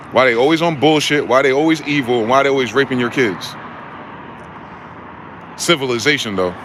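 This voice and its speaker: A man's voice: mid-range voice, a bit bright, a little hiss or hum. A man from New Jersey delivering a heated, profane ranting monologue as a vlogger. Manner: profane, heated, fast-talking.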